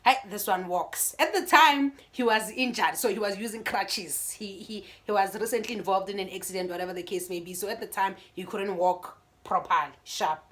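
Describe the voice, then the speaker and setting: A South African YouTuber tells a storytime vlog in a lively, chatty way, frequently restarting sentences while keeping the story going. Her medium-pitched voice moves at normal speed with few pauses, over slight background noise.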